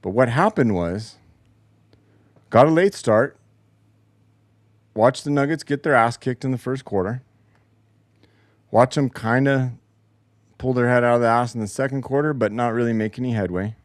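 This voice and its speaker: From his home basement, a podcast host runs a casual solo show, telling a profane, exasperated story about a broken game recording. His mid-range voice moves at normal speed with frequent pauses, and there is no room sound.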